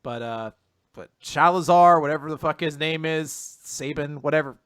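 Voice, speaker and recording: A man co-hosting a casual manga recap podcast, animated, laughing often and acting out characters' lines. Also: on the high side, moderate pace, clean tone, no room sound, studio quality. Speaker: podcast co-host.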